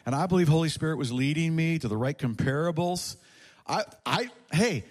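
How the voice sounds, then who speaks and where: A man casually telling a personal story with a faith message, animated and repeating phrases as he acts out the people in it. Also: medium pitch.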